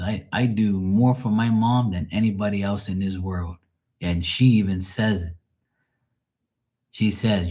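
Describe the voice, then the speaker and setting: A man's voice: fairly low pitch, a little mellow. A middle-aged man venting on a live call in a profane, rambling, exasperated way. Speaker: caller on a live tarot stream. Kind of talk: casual venting.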